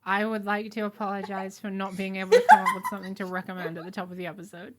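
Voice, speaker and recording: A woman's voice: medium pitch, sing-song, very fast, very noisy. A woman co-hosting a podcast, joking playfully in casual chat. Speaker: podcast co-host.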